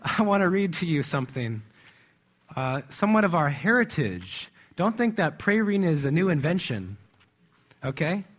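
This church speaker has a slightly high, sing-song voice and keeps a moderate pace. His sermon is conversational, with emphatic stress on words and frequent chuckles.

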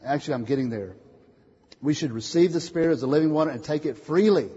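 A man with a fairly high, husky voice preaches to his congregation, tossing out questions for them to answer and rising from soft asides to loud declarations. The sound is muffled and rings with the long echo of a meeting hall. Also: expressive, quick pace. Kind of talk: sermon. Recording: muffled, echoey hall recording.

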